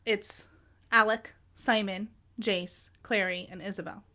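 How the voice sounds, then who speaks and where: A woman's voice: medium pitch, fairly even intonation, measured pace, bright, forceful tone. A woman co-hosting a podcast in casual chat, playful and self-mocking, laughing a lot. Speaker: podcast co-host.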